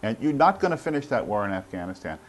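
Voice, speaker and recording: A man's voice: fairly low pitch, sing-song, fast. A man speaking as a guest on a political panel show, blunt and emphatic in his opinions.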